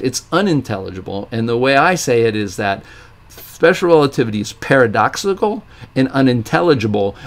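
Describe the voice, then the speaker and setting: Rambling middle-aged man hosting a live Q&A. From Ohio, USA. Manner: animated storyteller, acts out quoted voices with big pitch jumps; rambling with frequent restarts and fillers. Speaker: live stream host answering viewer questions. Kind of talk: casual live Q&A monologue.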